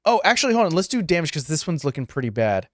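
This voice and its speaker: A man running a tabletop game as game master, calling turns and explaining rules in a relaxed, casual way. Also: a little high, rapid-fire, no room sound, clean studio sound.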